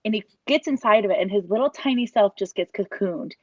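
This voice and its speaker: A parent's testimonial comes from a woman in her thirties speaking fairly quickly at medium pitch, on a dry recording with dull audio. Her emotional story about her son is earnest and rambling, packed with restarts and quoted thoughts.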